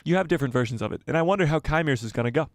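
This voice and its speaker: A man's voice: fairly high pitch, animated, rapid-fire, no room sound, studio quality. A man hosting a casual live stream, reading out viewer messages and chatting back to them by name, laughing often, on a headset mic.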